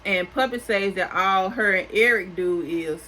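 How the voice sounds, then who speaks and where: A woman's voice: mid-range voice, measured pace, sharp tone, poor audio. Chatty woman recapping reality TV, sassy. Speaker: recap host.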